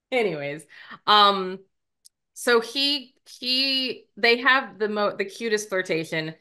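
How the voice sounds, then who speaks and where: An American woman co-hosting a podcast, recapping a film in casual chat, animated and quick to laugh. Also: medium pitch. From United States. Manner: animated, laughs often, acts out characters' lines. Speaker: podcast co-host. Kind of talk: casual movie review chat.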